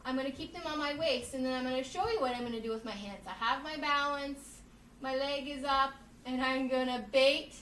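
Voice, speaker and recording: A woman who teaches children's yoga, reading a storybook aloud and guiding kids through poses in a lively, playful way. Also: high-pitched, a little fast, far from the mic, a little hiss or hum. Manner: animated, playful, addresses children as friends. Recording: echoey room, voice off-mic.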